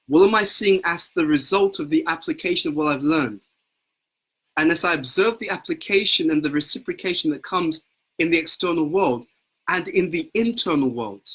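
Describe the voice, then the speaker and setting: A man's voice: high voice, bright, forceful tone, breathy edge, low-quality recording. A man giving an earnest devotional talk as a spiritual teacher, often repeating words as he searches for phrasing. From United Kingdom.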